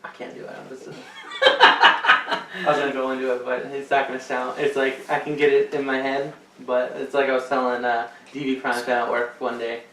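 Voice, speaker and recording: A man's voice: medium pitch, little pitch movement, normal speed, pushed and bright, a little hiss or hum. Blunt podcast guy, echoey room, sounds far off. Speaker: podcast co-host. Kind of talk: casual chat. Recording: echoey room, mic from a distance.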